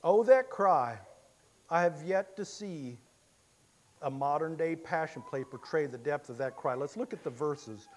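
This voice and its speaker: A male preacher delivering an impassioned sermon with a slightly raised voice. He drops to a hush and then rises into loud, emotional cries as he retells the story. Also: a little high, lively intonation, measured pace. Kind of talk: sermon with dramatic first-person storytelling.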